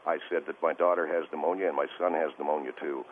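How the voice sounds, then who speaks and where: Very deep-voiced man calling in by phone. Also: steady tone. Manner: halting, stammering and distressed. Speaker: caller. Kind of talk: call-in radio conversation. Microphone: telephone. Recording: tinny phone line with faint hiss.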